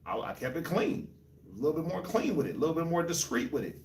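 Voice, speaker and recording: A man from New York, Colorado and Jamaica, hosting a casual group discussion, telling animated stories with laughs. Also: a little high, quick pace, slight background noise. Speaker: host. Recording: echoey room, mic at a distance.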